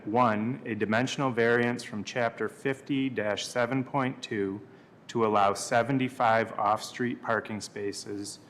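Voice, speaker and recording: Male board member reading a notice, low and measured, light background rumble. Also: a bit bright. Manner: measured, stumbles on words.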